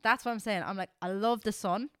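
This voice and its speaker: A woman in her twenties with an Irish accent, co-hosting a podcast in animated, casual chat full of swearing. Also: medium pitch, brisk, clean tone, dry recording, studio quality. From Ireland. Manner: animated and swearing, says "lads" a lot. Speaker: podcast co-host.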